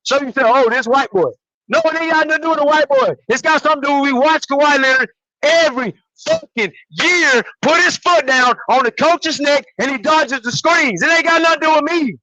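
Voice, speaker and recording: A man's voice: very high-pitched, sharp tone, dry recording, rough recording. A man co-hosting a basketball podcast, ranting angrily with constant profanity. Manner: angry, profane, fast ranting. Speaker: podcast co-host. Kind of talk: heated podcast rant.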